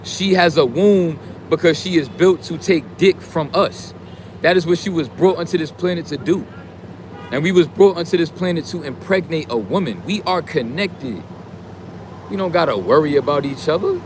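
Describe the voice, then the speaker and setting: A man's voice: a little high, animated, moderate pace, a little hiss or hum. Preachy, profane man ranting outdoors. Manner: preachy, profane, street slang, swings into loud shouting. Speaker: streamer giving motivational talk. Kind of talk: casual motivational rant.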